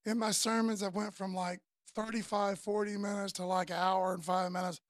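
A man, preaching a sermon in a loose, conversational way, often tagging lines with "man" and dropping from loud to soft. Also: sits high, level tone, moderate pace, no room sound, clean studio sound. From Florida, US. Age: 50s. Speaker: pastor.

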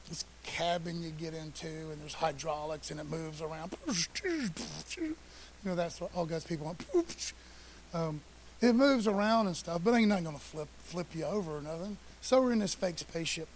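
Pastor, middle-aged man, high-pitched; easygoing slangy sermon, loud then hushed, light hiss. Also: animated, a little fast, low-quality recording. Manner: conversational preaching, swinging between loud and hushed; casual slang and asides. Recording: faint hiss.

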